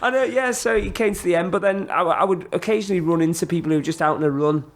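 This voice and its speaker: A man tells stories from the road in a loose podcast chat. His voice sits a little high, and he rambles through fillers while mimicking the people he met. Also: fast talker. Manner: rambling, full of fillers, acts out quoted voices. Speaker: long-distance runner guest. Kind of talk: casual podcast storytelling.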